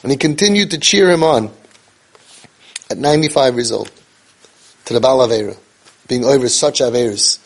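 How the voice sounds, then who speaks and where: His husky, medium-pitched voice moves at a moderate pace with frequent pauses. Speaking on parenting and faith, he tells a story with emphasis in an inspirational speech, repeats key phrases for effect, and drops in Hebrew and Yiddish terms.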